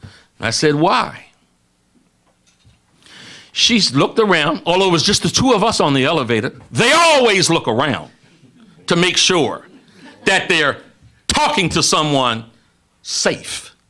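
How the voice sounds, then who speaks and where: A man's voice: a little high, very animated, a little slow, long pauses, sharp tone. A man giving an impassioned speech as a radio guest, repeatedly addressing one listener directly and building emphasis.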